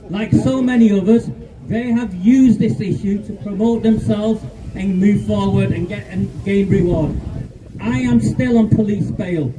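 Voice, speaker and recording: Man in his 50s, angry protest speech, highish dark voice, distant outdoor mic. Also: slight background noise. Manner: angry, defiant, emphatic. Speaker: rally speaker.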